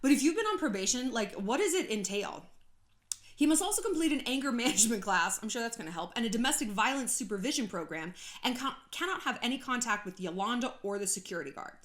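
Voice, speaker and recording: A woman's voice: on the high side, lively intonation, quick pace, fairly bright tone. A woman from California hosting a casual gossip commentary vlog, chatty and sarcastic, laughing often and swearing freely. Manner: frequent swearing. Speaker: YouTube host.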